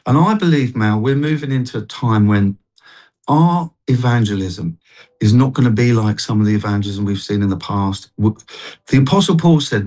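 A man, a street evangelist, telling a faith testimony in an animated, restarting way during an interview. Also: lowish voice, normal speed. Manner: animated storytelling, many restarts. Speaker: street evangelist and worship singer. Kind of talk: testimony in a Christian talk show interview.

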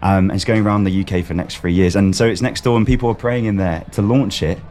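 A man's voice: on the low side, steady tone, fast, darkish tone, a little hiss or hum. A man, a festival guest chatting on a live radio show, laughing easily and saying um a lot. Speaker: festival guest from a youth ministry. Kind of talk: casual radio chat. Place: outdoor festival radio booth.

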